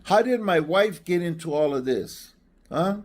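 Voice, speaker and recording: A man's voice: a little high, expressive, a little slow. An older man in a played clip, ranting defensively and stumbling over his words. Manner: stammering, defensive. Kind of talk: casual ranting monologue.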